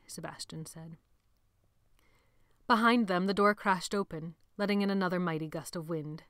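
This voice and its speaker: A woman's voice: fairly low pitch, no room sound, clean studio sound. A woman narrating a novel as an audiobook, dramatic and dropping to a whisper at tense moments.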